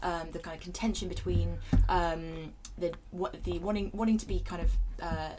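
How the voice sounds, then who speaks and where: A woman's voice: fairly low pitch, fairly even intonation, moderate pace, darkish tone, faint music behind, poor audio. A young woman from Bristol with a Bristolian accent, a stand-up comedian chatting in a chatty, playful way. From England. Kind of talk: casual chat.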